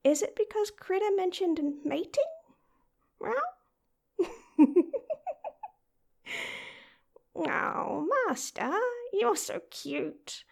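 This is a playful female cat living in a young woman's body, speaking to the listener in an audio role-play, as a woman puts her on. She takes her time over every word and calls herself by name rather than "I". Her high voice is full of gravelly fry and breaks into frequent meows. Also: slow pace, full character voice. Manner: refers to herself in third person, meows often.

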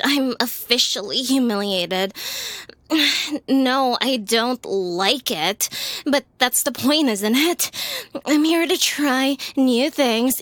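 A woman's voice: high voice, a bit bright, dry recording. A woman performing a scripted adult audio role-play, sighing often and talking in a wry, self-mocking way into a close microphone.

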